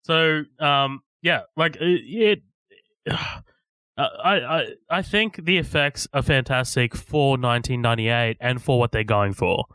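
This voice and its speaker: A man's voice: mid-range voice, measured pace, pushed and bright, clean tone, no echo. A man co-hosting a casual movie podcast, rambling, swearing often and laughing between thoughts. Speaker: podcast co-host. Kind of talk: casual movie review chat.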